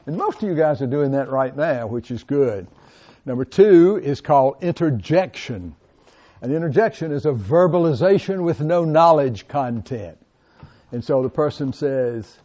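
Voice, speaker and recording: A middle-aged man lectures a college class in an animated, hands-on way, often turning to the students and calling them guys. His voice sits a little higher than most men's. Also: normal speed.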